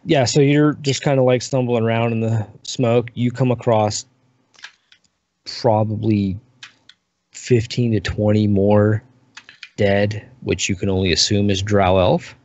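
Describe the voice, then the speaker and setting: Slow-talking male dungeon master. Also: lowish voice. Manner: relaxed, unhurried descriptive narration. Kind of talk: narrating a tabletop game. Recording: muffled lo-fi recording.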